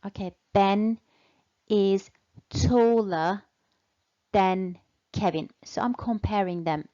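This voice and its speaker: A woman teaching English in a slow, deliberate way, patiently repeating and stretching out key words for learners. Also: mid-range voice, mellow, dull audio. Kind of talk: slow, deliberate language lesson.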